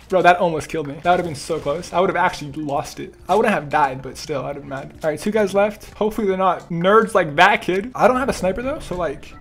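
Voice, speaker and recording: A man's voice: sits high, fast, a bit bright, soft background music. A young man giving live gameplay commentary, joking, trash-talking opponents and laughing often. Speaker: gaming YouTuber.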